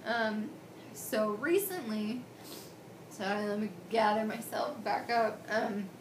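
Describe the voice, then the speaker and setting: A woman's voice: medium pitch, flat delivery, measured pace, creaky, echoey room, background noise. A woman in her twenties telling her own story in a personal video diary, candid and emotional, rambling with many restarts. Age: 20s. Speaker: patient sharing her surgery story.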